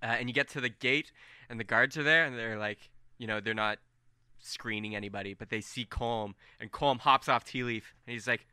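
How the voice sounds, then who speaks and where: A young man narrating as game master of a tabletop game, animated and rambling with fillers. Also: medium pitch, moderate pace, clear, resonant tone, no echo, studio quality.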